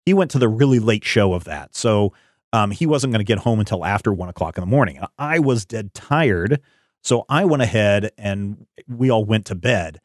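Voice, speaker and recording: A middle-aged man with a lowish voice talks loosely, full of ums and restarts as he tells a story. The sound is close and dry, with no room around it. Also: lively intonation, normal speed, no room sound. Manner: rambling storyteller with many fillers. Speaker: podcast host. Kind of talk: casual chat.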